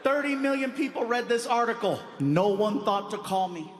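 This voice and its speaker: High-voiced man telling stories on stage. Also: lively intonation, normal speed. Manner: chatty, conversational storytelling. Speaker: stand-up comedian. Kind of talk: stand-up storytelling. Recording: live in a big hall with audience noise.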